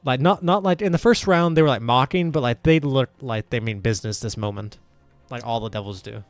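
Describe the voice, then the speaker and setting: A man's voice: medium pitch, fairly quick, no echo, faint music behind. A man running a tabletop game as game master, narrating in a rambling way with many fillers.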